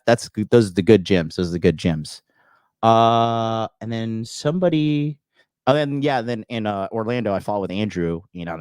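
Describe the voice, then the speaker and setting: A man's voice: deep voice, no echo. A man in his thirties hosting a call-in coaching show, talking in a boastful, profane, emphatic way with lots of fillers. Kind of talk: casual livestream monologue.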